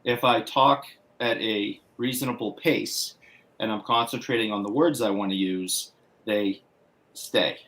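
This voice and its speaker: A man's voice: fairly low pitch, a little slow, a bit bright. Male guest, Boston accent, meandering storyteller, casual livestream chat. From Massachusetts. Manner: rambling anecdotal storytelling with restarts.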